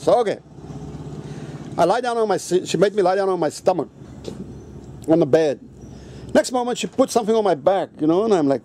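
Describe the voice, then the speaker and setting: A man vlogging an angry story in a profane, halting rant. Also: high voice, expressive, warm tone, a little hiss or hum. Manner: profane, ranting, halting with restarts; switches into Mandarin.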